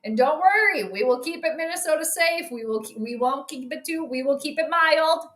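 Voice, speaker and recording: A woman's voice: sits high, expressive, normal speed, fairly bright tone, echoey room. A woman hosting a sports live stream, chatting casually and joking with a co-viewer as she comments on the game.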